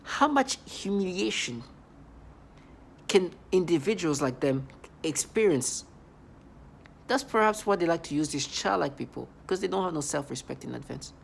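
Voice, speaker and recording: A vlogger speaking in a halting, repetitive, accusatory monologue. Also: medium pitch, expressive, gravelly, a little hiss or hum. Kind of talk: angry vlog monologue.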